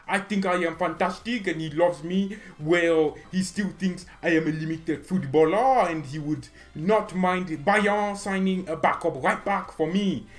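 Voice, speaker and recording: A man puts on a cocky male footballer who speaks, pitched well above his normal voice and louder than his usual chat. The voice sounds smug and sure of itself. Faint music plays behind it. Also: measured pace, hardly any pauses. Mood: boastful. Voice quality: exaggerated, high, loud. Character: boastful male footballer with French-flavored English.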